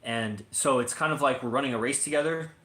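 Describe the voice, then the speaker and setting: A man's voice: medium pitch, fairly quick, sharp tone, reverberant. A man co-hosting a casual livestream, rambling and swearing with lots of fillers. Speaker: livestream co-host.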